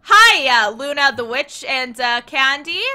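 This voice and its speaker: A woman's voice: high-pitched, lively intonation, a little slow, pushed and bright. A young woman giving chatty, playful commentary on her gameplay and talking to the characters on screen. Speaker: let's play host.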